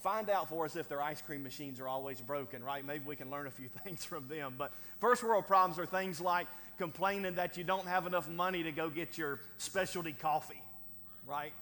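A man's voice: fairly high pitch, moderate pace, pushed and bright. A man preaching a sermon as pastor, conversational and folksy, with frequent "right?" asides and chuckles. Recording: long hall reverb.

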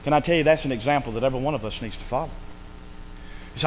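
A man preaching a sermon in an emphatic way, swinging between loud calls and quiet lines and asking for amens. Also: medium pitch, rapid-fire, slight background noise, rough recording.

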